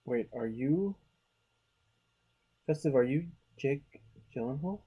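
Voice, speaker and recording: An artist chatting casually while drawing, relaxed and rambling, with frequent swearing and trailing restarts. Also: mid-range voice, a little slow, muffled recording. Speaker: artist hosting a drawing video.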